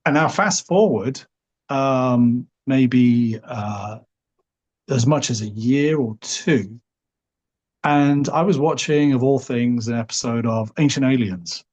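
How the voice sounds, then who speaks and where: Middle-aged Liverpool man, husky, rambling podcast-guest storyteller. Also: medium pitch, slow, a little mellow. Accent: Liverpool English. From Liverpool, England. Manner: rambling, hedges often with "sort of" and "you know". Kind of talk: relaxed storytelling.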